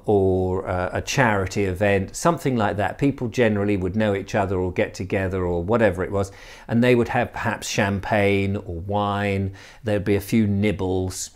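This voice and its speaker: A man's voice: on the low side, darkish tone. A man, a vlogger and former comedy entertainer, telling a story in a chatty, rambling way, with ums and restarts, and slipping now and then into posh voices for the people he quotes. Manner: briefly slips into posh character voices for quoted guests. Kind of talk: conversational storytelling monologue.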